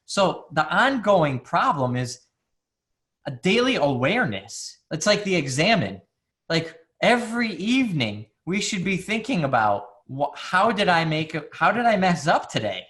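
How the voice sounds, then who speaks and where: Male guest, psychologist; candid, loose conversational delivery, slightly raised pitch. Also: very animated, measured pace, fairly bright tone. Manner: candid, many fillers and restarts. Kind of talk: casual conversation.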